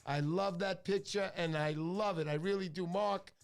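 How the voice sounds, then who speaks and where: A man hosting a casual fishing livestream, chatty and excitable, thanking viewers by name. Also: sits high, normal speed, gravelly, smooth. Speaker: livestream host.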